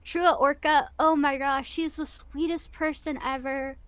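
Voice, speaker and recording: A woman with a Missouri accent talks as an interview guest in a chatty, rambling way. Her voice sits fairly high, and she sounds animated. The sound is dry and close, with no room echo. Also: unhurried. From US Midwest. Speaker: guest VTuber. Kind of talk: casual interview chat.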